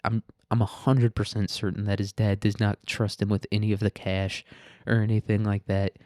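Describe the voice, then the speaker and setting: Low-voiced man, crude and blunt. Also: flat delivery, normal speed, a little mellow, dry recording, clean studio sound. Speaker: podcast host. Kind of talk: casual current-events commentary.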